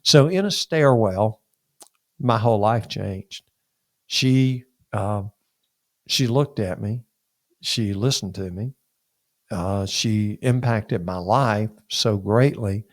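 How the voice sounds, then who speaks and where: Gravelly older man telling stories. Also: fairly low pitch, slow pace, pauses often, no room sound, studio quality. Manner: animated storyteller who acts out dialogue. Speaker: pastor and podcast guest. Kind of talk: personal storytelling in an interview.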